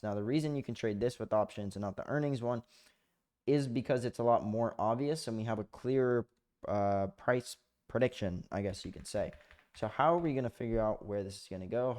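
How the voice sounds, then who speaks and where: A young man teaching trading setups while sharing his screen, his voice sitting a little low. He talks casually and rambles, swears freely and fills gaps with "like" and "um", speaking close to a desk microphone at home. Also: a little mellow. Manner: loose, profane and rambling, with fillers. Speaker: trading educator. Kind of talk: casual screen-share lesson.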